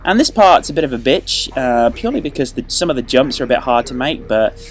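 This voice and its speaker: A man hosting a video game walkthrough, joking and playful, with sudden excited outbursts. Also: mid-range voice, brisk, faint music behind. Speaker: let's play host.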